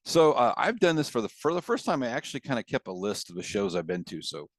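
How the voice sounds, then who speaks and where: A man's voice: mid-range voice, big pitch swings, fast talker, no room sound. A man co-hosting a podcast, rambling through casual stories and laughing as he tells them, on a video call. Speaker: podcast co-host. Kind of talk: casual chat.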